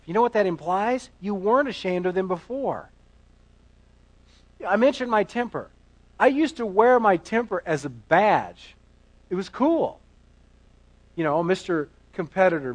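A man with a notably high voice preaches from the pulpit, dropping to near-whispered asides and then surging into loud, emphatic passages. He repeats and restarts phrases as he drives each point home. The recording is dry and close, with no room sound. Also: dry recording, rough recording. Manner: dynamic, swings between hushed asides and loud emphatic passages; repeats words and restarts while building a point. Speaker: pastor. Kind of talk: sermon.

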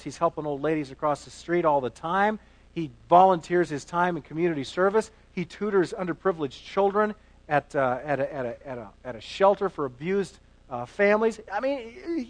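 A man preaching a sermon as pastor, swinging between hushed asides and loud emphatic passages, often repeating words as he builds a point. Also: high-pitched, no echo, poor audio.

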